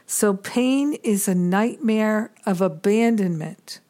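Woman, mid-pitched voice, unhurried spiritual teacher; earnest, reflective delivery with frequent pauses. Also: warm tone. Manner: measured and earnest, pausing often.

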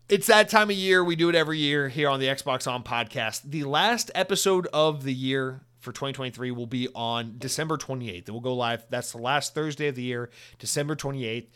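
Here a man's smooth, mid-range voice with a fairly bright tone carries a solo gaming podcast recorded in his home office. Sarcastic and rambling, he swears freely while mock-ranting at the audience through the news and outro.

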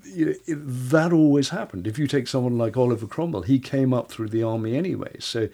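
A man with a gravelly, creaky voice tells history anecdotes in a relaxed podcast conversation. He often repeats words and restarts his sentences as he goes. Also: mid-range voice, a little fast. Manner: stammering restarts, storytelling.

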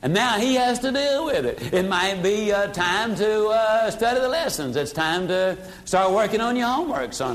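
An older man delivers a sales seminar. His voice sits high for a man, and he acts out customers and family members, dropping low and quiet for emphasis. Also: animated, normal speed, hardly any pauses. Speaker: sales trainer. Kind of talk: motivational sales seminar talk.

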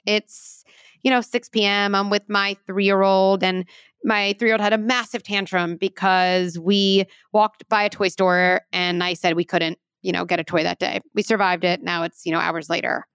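A woman in her thirties, a parenting expert explaining advice in an interview with earnest, lively examples. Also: medium pitch, normal speed, clear, resonant tone, dry recording, clean studio sound.

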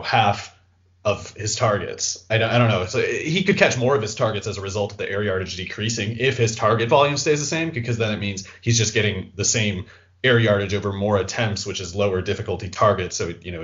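A man giving casual sports analysis on a podcast, animated and quick, sometimes mocking other people's voices. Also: on the low side, dull audio. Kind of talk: casual fantasy football analysis.

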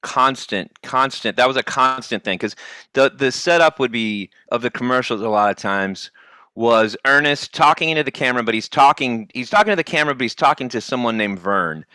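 A young man co-hosting a casual chat, telling stories in an animated way. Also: mid-range voice, a little fast, clear, resonant tone, no room sound, clean studio sound. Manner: storytelling, animated. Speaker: podcast co-host.

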